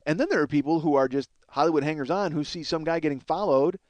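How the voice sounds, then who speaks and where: A man's voice: fairly high pitch, quick pace, a little mellow, dry recording. A man hosting a podcast, telling a long rambling story with lots of swearing and self-mockery. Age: 30s. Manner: rambling, profane, self-deprecating. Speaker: podcast host. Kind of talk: solo storytelling monologue.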